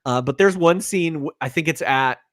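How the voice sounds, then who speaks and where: A man's voice: fairly high pitch, moderate pace, no room sound, studio quality. A man co-hosting a casual movie-review podcast, rambling, with lots of fillers and restarts. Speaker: podcast co-host.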